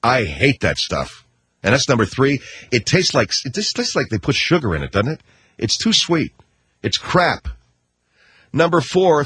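Husky wisecracking male radio host. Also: medium pitch, no room sound. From United States. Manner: rambling, wisecracking, animated storytelling. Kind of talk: casual radio talk.

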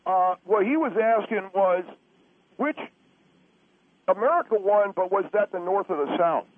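A man voicing a bumbling, earnest male radio caller who talks haltingly with lots of fillers, in a talk radio comedy bit. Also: sits high, pitched above the performer's own voice. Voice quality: halting, filler-heavy speech. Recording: tinny phone line, faint hiss.

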